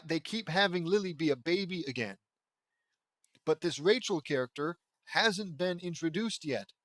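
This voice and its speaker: A man's voice: on the high side, a bit bright, dry recording, studio quality. A man reading fan fiction aloud and breaking off into sarcastic, rambling asides that question the story. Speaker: reader and commentator.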